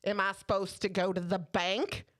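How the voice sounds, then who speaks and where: A woman's voice: mid-range voice, flat delivery, moderate pace, fairly bright tone, natural voice. A woman imitating a confused, stubborn woman customer with a Southern US accent and an indignant, whiny way of talking.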